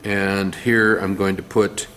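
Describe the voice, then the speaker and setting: A man's voice: deep voice, level tone, slow, fairly bright tone. A man teaching art, talking through a face drawing one step at a time while he draws, with some fillers. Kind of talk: drawing tutorial demonstration.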